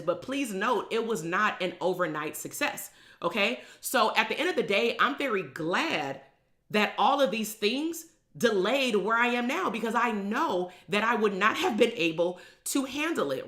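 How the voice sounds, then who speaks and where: A woman's voice: a little high, pushed and bright. A woman, talking bluntly and emphatically as a business coach on a live stream. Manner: blunt, emphatic, swears freely.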